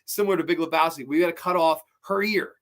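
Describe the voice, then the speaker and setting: Excitable, foul-mouthed man reviewing films. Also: on the high side, fast talker. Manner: excitable, swears freely, retells scenes. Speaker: host of a horror movie review show. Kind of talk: casual movie review chat.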